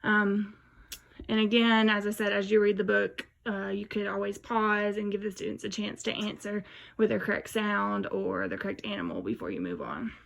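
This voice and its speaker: A woman's voice: medium pitch, normal speed, vocal fry, fairly bright tone. A woman reading a rhyming picture book aloud in a rhythmic, sing-song way, then explaining how to use it in a lesson. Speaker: teacher educator.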